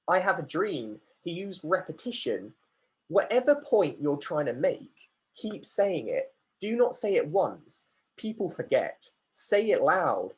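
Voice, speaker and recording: A man's voice: a little high, breathy edge. A man running an online workshop, chatty, reading out questions from the chat and answering them. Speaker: workshop facilitator.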